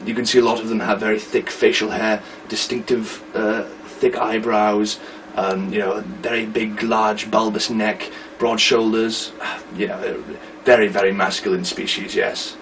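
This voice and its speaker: A man's voice: on the low side, level tone, a little slow, fairly bright tone, far from the mic, a little hiss or hum, rough recording. A man doing a pompous, lecturing expert. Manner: pompous, hesitant, lecturing with fillers. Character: pompous older male expert on neds.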